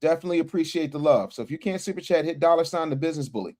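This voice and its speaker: A man's voice: on the high side, rapid-fire, a little mellow. A man hosting a casual livestream, talking to his chat in slang and reading out super chats from his office. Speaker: livestream host.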